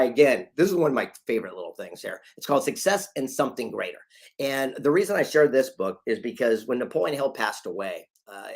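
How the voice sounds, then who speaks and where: Gravelly-voiced man giving a motivational talk. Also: medium pitch. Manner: storytelling, acts out quoted voices, emphatic. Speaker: motivational speaker.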